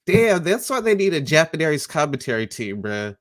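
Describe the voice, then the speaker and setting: A man co-hosting a podcast, chatting casually and profanely about wrestling, animated and laughing often. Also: on the high side, normal speed. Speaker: podcast co-host.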